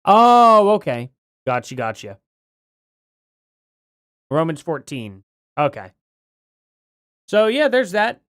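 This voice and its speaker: A man's voice: on the high side, very animated, slow, long pauses, no room sound, studio quality. A man hosting a casual livestream, chatting and reading out donations, his words a little slurred from a bitten tongue. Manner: chatty, reads donations aloud, apologetic. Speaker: livestream host.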